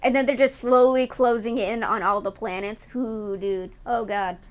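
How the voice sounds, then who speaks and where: A woman's voice: a little high, fairly even intonation, moderate pace. A woman streaming live, chatting casually with her viewers in a playful, giggly way and swearing freely.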